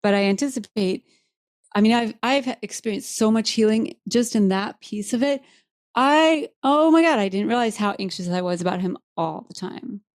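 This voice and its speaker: A woman's voice: medium pitch, expressive, normal speed, no echo. Woman podcast host, candid and emotional storyteller, dry close sound. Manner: candid, heartfelt, laughs easily.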